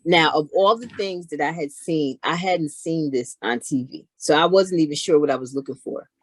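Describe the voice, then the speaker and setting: A middle-aged woman chatting casually as an interview guest, telling animated stories. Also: low voice, moderate pace, slightly rough, dry recording. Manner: animated, acts out others in her stories. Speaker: guest, knitwear maker. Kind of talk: casual storytelling chat.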